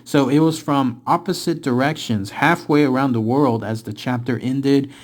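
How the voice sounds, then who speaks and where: A man reading an occult investigation book aloud with dramatic storytelling, rising for tense moments and slowing for reveals, then talking it over casually as host. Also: mid-range voice, fairly even intonation. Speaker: book reader and channel host.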